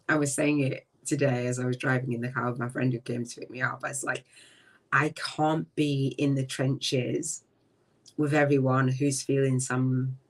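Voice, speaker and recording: A middle-aged woman hosting a live-streamed spiritual talk from a relative's home. She speaks slowly and reflectively, trailing off and often dropping to a soft voice. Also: very deep voice, level tone. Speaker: podcast host. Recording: voice distant from the mic.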